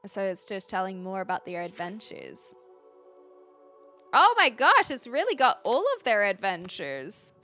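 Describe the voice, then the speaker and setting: American woman, streamer, casual game commentary, bright tone, faint game music behind. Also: mid-range voice, big pitch swings, a little slow. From United States. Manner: chatty, laughs often, reads chat messages aloud.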